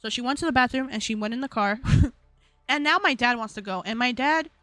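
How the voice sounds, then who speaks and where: A young woman hosting a live stream, telling a story in a slangy, animated way and laughing often. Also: on the high side, fairly quick, dry recording. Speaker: livestream host.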